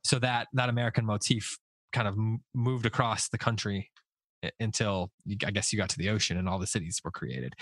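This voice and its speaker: A man's voice: fairly low pitch, a bit bright, dry recording. A man leading a casual book discussion, thinking aloud with frequent restarts and self-corrections.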